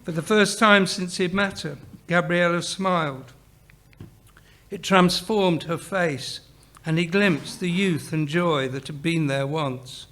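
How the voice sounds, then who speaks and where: A man reading his own story aloud in a steady, measured narrating voice. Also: fairly high pitch.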